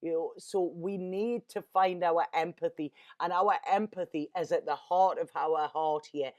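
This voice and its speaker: A woman's voice: on the low side, steady tone, unhurried, darkish tone. A woman, a tarot reader talking in an earnest, rambling, emotional way and often repeating her words. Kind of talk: casual spiritual monologue.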